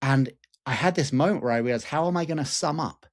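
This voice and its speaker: A man in his forties, a guest teacher, telling a personal story in an animated, candid way with casual swearing and fillers. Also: medium pitch, quick pace. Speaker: guest, lucid dreaming teacher.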